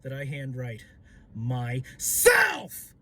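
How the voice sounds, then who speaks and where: A young man ranting about football, excitable and profane, shouting and stumbling over his words. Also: mid-range voice, very slow, slight background noise. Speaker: sports fan vlogger. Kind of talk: ranting fan commentary.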